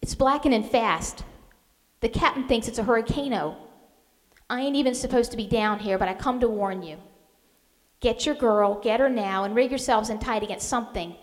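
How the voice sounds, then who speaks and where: A woman playing a gruff old sailor with a fierce warning, in a reverberant hall. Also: fairly high pitch, normal speed, lightly acted. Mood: urgent. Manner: gruff, urgent, rough speech.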